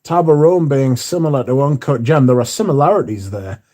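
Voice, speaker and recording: A man's voice: medium pitch, expressive, brisk, darkish tone. A man hosting a casual livestream, reading viewer comments aloud and answering them, swearing casually. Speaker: livestream host reading chat.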